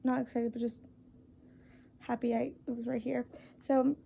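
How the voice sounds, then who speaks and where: Young woman, earnest vlog talk; high, mellow, gravelly tone, halting and apologetic. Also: level tone. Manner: apologetic, halting, many fillers and restarts; reads a list aloud. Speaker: vlogger. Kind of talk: earnest casual talk to camera.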